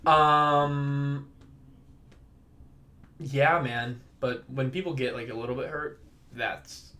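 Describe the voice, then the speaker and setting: A man's voice: mid-range voice, fairly even intonation, a little slow, long pauses, sharp tone. Rambling, cursing young man, casual podcast talk. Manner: rambling, profane, laughs at his own stories. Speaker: podcast host. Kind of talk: casual solo podcast chat.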